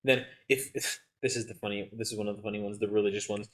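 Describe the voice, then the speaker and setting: A man's voice: on the low side, steady tone, quick pace, hardly any pauses. A young man co-hosting a podcast in casual chat, laughing often and rambling with lots of fillers. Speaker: podcast co-host.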